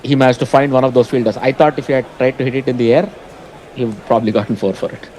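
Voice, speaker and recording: Male co-commentator, mid pitch, analytical and measured. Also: fairly even intonation, a little mellow, a little hiss or hum, poor audio. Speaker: cricket commentator. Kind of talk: ball-by-ball commentary.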